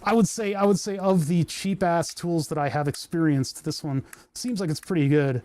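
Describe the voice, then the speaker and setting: A man's voice: a little high, normal speed, darkish tone, no echo. Rambling, jokey man on a lapel mic. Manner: rambling, jokey and self-amused. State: hiccuping. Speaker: maker streaming a workshop project. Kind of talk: casual workshop chat. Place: indoor workshop. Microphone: lapel microphone.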